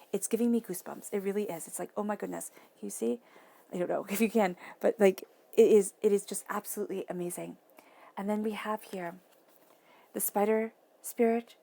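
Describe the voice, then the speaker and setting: A woman giving an intuitive tarot reading to camera, enthusiastic and gushing, dropping into soft breathy whispers for emphasis. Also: mid-range voice. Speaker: tarot reader.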